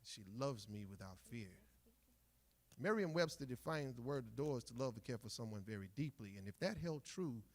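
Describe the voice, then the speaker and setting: A man performing a spoken word poem on stage, rhythmic, dropping to hushed murmurs and rising to loud bursts. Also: medium pitch, expressive, brisk.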